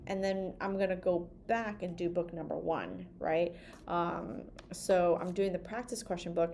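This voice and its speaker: A woman's voice: mid-range voice, mellow, a little hiss or hum. A woman in her forties hosting a talk to camera from her desk, chatty and rambling, often tagging on "right?". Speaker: podcast host and hand therapist. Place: home office at a desk.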